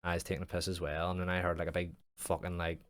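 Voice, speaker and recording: A young man with a low voice talks casually on his podcast, rambling through a story with plenty of swearing and fillers. The sound is dry and close, with no room behind him. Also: completely flat delivery, fast talker, dry recording. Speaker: podcast host. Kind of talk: casual chat.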